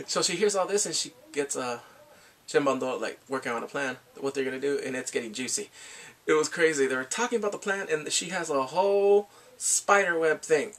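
Vlogger guy retelling a drama plot, lively pitch swings, a touch of vocal fry, slightly higher voice. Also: normal speed. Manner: animated storytelling, frequent laughs. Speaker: drama reviewer. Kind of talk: casual recap chat.

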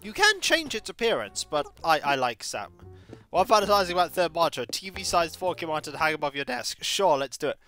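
A woman's voice: low voice, big pitch swings, fairly quick, fairly bright tone, soft background music. Playful woman streamer. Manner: playful, rambling, jokey asides. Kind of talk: casual game-stream chat.

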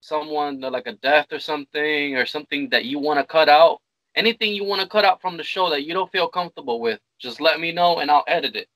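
A man's voice: a little high, fast talker, a bit bright, no room sound, poor audio. A man hosting a casual chat show, blunt and profane, cutting in with pointed questions. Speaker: podcast host.

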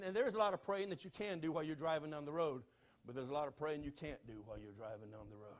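Fervent Southern preacher, high-pitched man. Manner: fervent, swings from quiet pleading to shouting. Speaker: pastor. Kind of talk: sermon. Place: church sanctuary.

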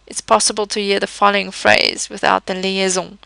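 Patient woman teaching French sounds, slight fry. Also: mid-range voice, level tone, bright, forceful tone, no echo. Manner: patient, methodical, slows down to model words. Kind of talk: explanatory language lesson.

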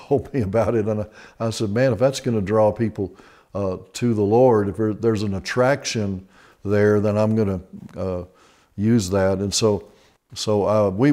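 A man's voice: lowish voice, a little mellow. A male pastor giving a TV sermon in an easygoing, folksy, conversational way. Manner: conversational, with frequent restarts. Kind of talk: TV sermon teaching.

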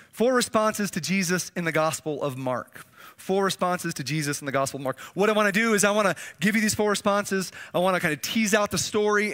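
A man's voice: sits high, sharp tone. A man preaching a sermon as pastor, conversational and emphatic, asking the congregation to repeat phrases back. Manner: conversational preaching with audience call-and-response.

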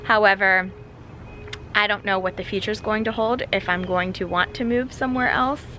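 A woman vlogging through her day, talking casually to the camera and now and then to her dog in a high sing-song voice. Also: fairly even intonation, normal speed, pushed and bright, slight background noise. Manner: chatty, talks to her dog in a high baby voice. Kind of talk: casual vlog chat. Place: car, street and home porch, some outdoors.

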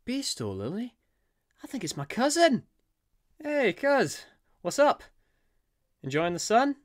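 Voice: mid-range voice, sing-song, slow pace. A voice actor playing a cheerful, laid-back, small magical surfer man who chats casually and calls people cuz. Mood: easygoing. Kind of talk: fan voice acting.

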